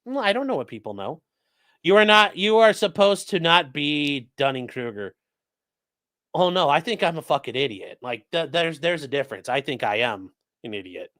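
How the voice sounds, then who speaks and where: Animated and fairly high-pitched, a man speaks at normal speed in a fairly bright tone, giving blunt, profane legal commentary on a casual live stream while reading chat messages. He sometimes breaks away to coax his dogs sing-song style, and the recording is dry and studio quality.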